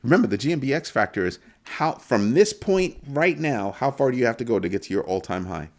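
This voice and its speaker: A man hosts a casual crypto live stream in a brisk, mid-range voice. He covers the numbers with animated swings from calm to mock panic and back.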